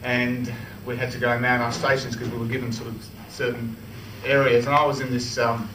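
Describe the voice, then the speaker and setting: Speaking fairly quickly in a level, medium-pitched voice, an Australian man shares a humorous personal story at a club meeting. He's chatty, restarts frequently, and laughs, heard from a distance in a roomy meeting hall with noise.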